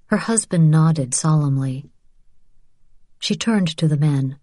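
A woman reads a novel aloud in a calm, even narration, her voice low and mellow. The recording is dry and close, with no room sound at all. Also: takes it slowly, pauses often, no room sound. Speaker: audiobook narrator. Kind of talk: scripted audiobook narration.

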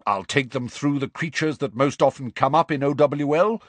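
A man voicing a hearty, brisk older woman teacher who talks in a loud, jolly way. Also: mid-range voice, no echo, voice pushed up, natural voice.

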